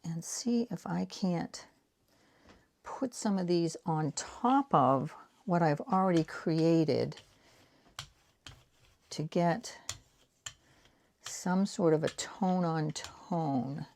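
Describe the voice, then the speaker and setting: Low gravelly woman in her sixties. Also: very slow, long pauses, darkish tone, slight background noise. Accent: Boston. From Boston area. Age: 60s. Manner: rambling, self-deprecating, talks while painting. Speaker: art vlogger. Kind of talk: casual craft chat while working.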